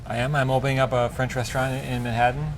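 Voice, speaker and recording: A man's voice: mid-range voice, flat delivery, fast talker. Chef guest: a man with a mid-range voice, chatty and eager, faint room hiss behind him. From United States. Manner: chatty, enthusiastic, rambling with fillers. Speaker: chef and restaurateur. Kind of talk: casual interview chat. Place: restaurant. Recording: faint background noise.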